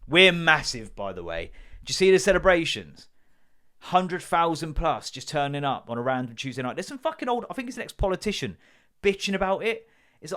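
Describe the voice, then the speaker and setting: A man's voice: fairly high pitch, fairly quick. A man, telling stories in a sweary solo comedy podcast rant and acting out the people he quotes. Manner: sweary, animated storytelling with acted quotes. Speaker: podcast host.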